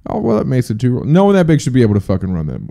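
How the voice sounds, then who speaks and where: A man's voice: medium pitch, huge pitch swings, rapid-fire, vocal fry, mellow. A young man hosting a podcast alone, rambling casually with profane jokes and chatty asides. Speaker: podcast host. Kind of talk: casual solo podcast chat.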